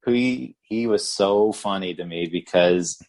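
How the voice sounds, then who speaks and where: A man co-hosting a podcast chats casually and ramblingly about a movie, restarting often and saying "like" a lot. His low-pitched voice is unhurried and a little mellow.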